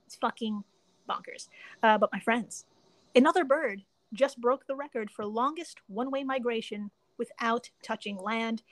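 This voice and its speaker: A woman hosting a casual podcast, excitable and swearing casually, laughing often. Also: a little high, moderate pace, dry recording. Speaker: podcast host.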